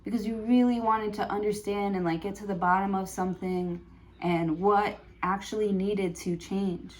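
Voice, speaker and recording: A woman's voice: medium pitch, fairly even intonation, normal speed. A woman giving a prerecorded tarot reading, thinking aloud with many fillers and restarts. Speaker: tarot reader.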